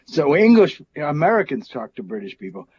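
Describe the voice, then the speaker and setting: A man's voice: a little high, sing-song, a little fast, a little mellow, breathy edge. Guest man on video call, playful, wordplay lover, muffled lo-fi line. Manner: playful, fond of wordplay and idioms. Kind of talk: casual chat.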